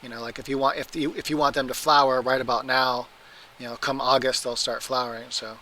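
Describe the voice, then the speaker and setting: A man chats loosely through viewer questions on a livestream, restarting sentences and tripping over his own words. His voice is bright and forward, sitting at an ordinary pitch. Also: little pitch movement, brisk, slight background noise, low-quality recording. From Oregon, US. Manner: rambling, self-correcting, laughs at his own mistakes. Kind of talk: casual livestream chat.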